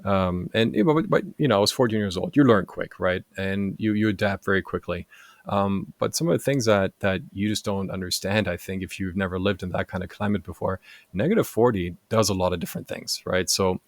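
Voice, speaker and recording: A man in his forties from Germany, a native German speaker, chatting as a podcast guest in a lively storytelling way and often tagging his sentences with "right?". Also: low voice, brisk, no room sound, studio quality. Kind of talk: casual storytelling chat.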